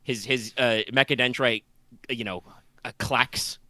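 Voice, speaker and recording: A man's voice: mid-range voice, fairly even intonation, a little slow, sharp tone, no room sound. A man narrating a tabletop game as game master, talking loosely with many fillers and restarts.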